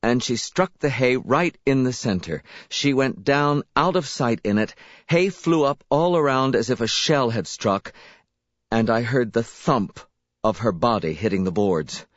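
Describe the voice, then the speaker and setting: A man reading a first-person story as an audiobook narrator, expressive and unhurried, in a slightly dull, dry recording. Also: mid-range voice, no room sound.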